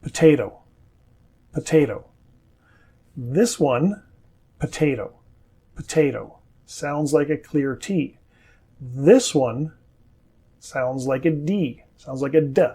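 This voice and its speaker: A man with a standard North American accent gives an English pronunciation lesson. He says each model word slowly and carefully, then explains it. His voice is a touch husky and sits a little high for a man. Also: dark tone. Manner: slow, carefully enunciated model words.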